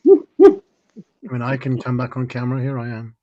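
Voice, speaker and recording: Teasing man with a mellow voice. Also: mid-range voice, huge pitch swings, moderate pace, muffled recording, a little hiss or hum. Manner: chatty, teasing. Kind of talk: casual chat.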